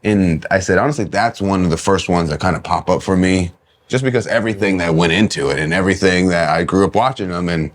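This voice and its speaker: Male podcast guest from Kentucky, lower voice, excitable storyteller who restarts sentences. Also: fast. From Kentucky, USA. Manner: animated, laughing, many restarts. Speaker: guest wrestler. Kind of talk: casual podcast interview storytelling.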